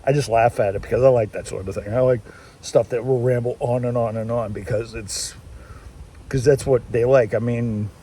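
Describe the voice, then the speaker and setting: A man in a casual walking vlog, rambling along with plenty of restarts. His voice sits mid-pitch and sounds soft and mellow, with a faint hiss behind it as he talks into a phone held outdoors. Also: steady tone, normal speed. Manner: rambling, chatty, many restarts. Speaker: vlogger. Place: outdoors, walking through town. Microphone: handheld phone.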